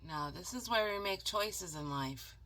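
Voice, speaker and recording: A woman reading a picture book aloud as a channel host, dramatic and animated, stopping for chatty asides to viewers. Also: fairly low pitch, a little slow, background noise. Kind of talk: storybook read-aloud with asides.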